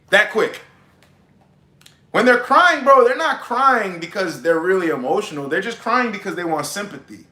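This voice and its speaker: A man's voice: sits high, lively intonation, moderate pace, sharp tone, echoey room. A man giving blunt, emphatic dating advice to the camera, often calling listeners bro. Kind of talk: casual advice monologue.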